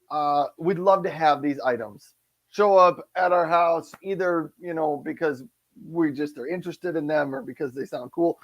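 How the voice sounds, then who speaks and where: A man co-hosting a live shopping show, explaining the segments and his wish-list items in an upbeat, chatty way. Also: on the high side. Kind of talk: casual live-stream product chat.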